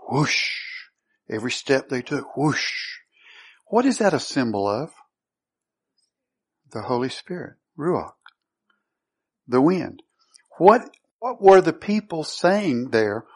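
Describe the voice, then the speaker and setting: A man preaching a sermon who teaches through scripture, reading verses aloud and then asking his listeners questions he answers himself. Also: mid-range voice. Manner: asks the congregation rhetorical questions and answers them.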